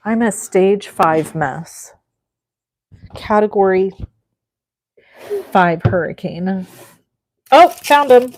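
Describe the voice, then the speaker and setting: A woman's voice: medium pitch, lively intonation, very slow, long pauses, darkish tone. A middle-aged woman hosting a live crafting stream, chatting with viewers in a gushing, effusive way as she works. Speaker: crafting livestream host.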